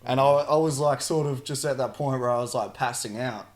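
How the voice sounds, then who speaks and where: A young Australian man hosting a casual podcast. He tells stories in a relaxed, rambling way, with plenty of filler words and swearing. He sounds easygoing and unhurried. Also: medium pitch. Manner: relaxed, laid-back storytelling with frequent "like" and swearing. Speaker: podcast host. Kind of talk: casual chat.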